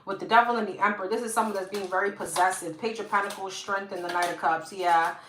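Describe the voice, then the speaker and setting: A woman's voice: medium pitch, steady tone, fast talker, a bit bright. Female tarot reader, New York accent, casual and talkative, phone mic in a roomy space. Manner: chatty, addresses viewers as girl and guys. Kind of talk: live-stream tarot reading. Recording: echoey room, faint hiss.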